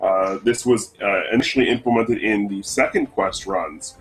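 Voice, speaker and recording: A man's voice: fairly low pitch, normal speed, low-quality recording. Male co-commentator from the northeastern US, rambling delivery, faint background music. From Northeast United States. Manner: rambling, many fillers and restarts. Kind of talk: casual speedrun commentary.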